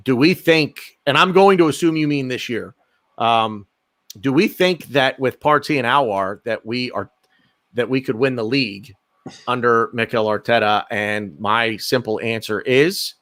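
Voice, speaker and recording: A man's voice: mid-range voice, measured pace, a bit bright, no room sound. A man hosting a casual fan podcast, reading out donations and passing the word to his panelists. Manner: reads out donations, hands over to panelists. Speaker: podcast host.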